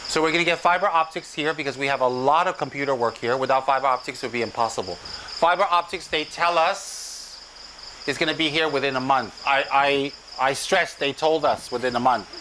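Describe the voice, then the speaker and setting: Chatty joking monk, bright voice. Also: male voice, mid-range voice, a little fast, slight background noise, low-quality recording. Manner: chatty, joking, animated storytelling. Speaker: Buddhist monk, spiritual teacher. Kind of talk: casual talk to a group. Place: outdoors at a forest retreat site. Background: crickets and insects.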